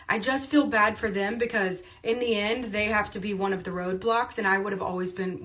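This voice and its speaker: A woman's voice: medium pitch, a bit bright. A woman talking on a casual livestream, emphatic and chatty, often repeating her points.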